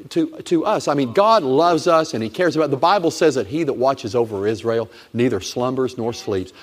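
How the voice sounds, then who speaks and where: A middle-aged man preaching a sermon as pastor, emphatic and repetitive, exhorting his congregation. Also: medium pitch. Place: church sanctuary. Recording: long reverb of a church hall.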